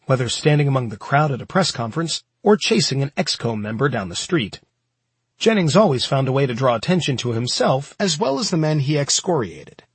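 A man narrates a nonfiction audiobook in a very husky, breathy voice, his pitch rising and falling with lively movement. He keeps a steady, measured storytelling pace. The recording is close and dry, with no room sound around him. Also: dry recording.

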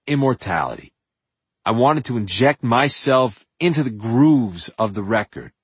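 An older man from New York reading his own memoir in an animated, profane way, with loud bursts and hushed asides. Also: mid-range voice, measured pace, slightly rough, no room sound. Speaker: memoir narrator. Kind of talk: audiobook memoir narration.

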